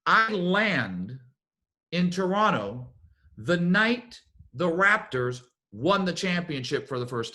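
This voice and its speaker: A man coaching a business team, giving a motivational talk and telling stories in an animated way. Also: sits high. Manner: animated storyteller, acts out what others said.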